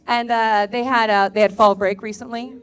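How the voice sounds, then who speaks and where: A middle-aged woman working a bar crowd with a stand-up set. Her voice sits a little high, and she talks in a dry, sarcastic, profane way about family chaos. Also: steady tone, a little slow, clear, resonant tone, soft background music. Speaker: stand-up comedian. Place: live comedy venue in a bar.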